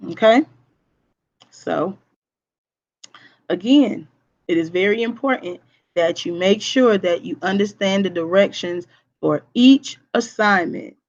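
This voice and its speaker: A woman's voice: mid-range voice, muffled recording. Woman teacher with a projecting voice. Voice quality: voice projects strongly. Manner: deliberate, repeats "okay?" to check understanding. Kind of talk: recorded online lesson with screen share.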